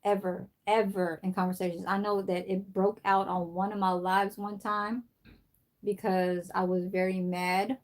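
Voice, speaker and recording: A woman's voice: mid-range voice, little pitch movement, unhurried. A middle-aged woman from San Francisco chatting on a live stream, rambling through a story and swearing freely. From San Francisco, USA. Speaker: livestream host. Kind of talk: casual livestream chat.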